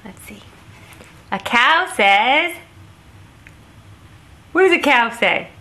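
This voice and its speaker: A woman's voice: fairly high pitch, animated, pushed and bright, a little hiss or hum. Woman coaxing a toddler in sing-song. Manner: sing-song, slow and coaxing, making animal sounds. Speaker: parent. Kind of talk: talking to a toddler while reading a picture book.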